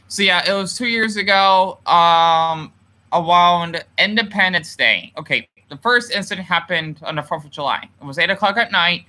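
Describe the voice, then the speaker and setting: Bright-voiced man ranting on a livestream. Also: high voice. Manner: emotional and ranting, swears often. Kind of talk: livestream rant, reading viewer comments.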